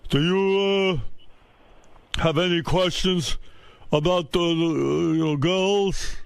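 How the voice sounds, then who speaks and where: Brief: man putting on an older father, faint Eastern European accent, slow, over-enunciated scolding, high strained pitch. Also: vocal fry, clean tone, dry recording, heavily acted. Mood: awkward.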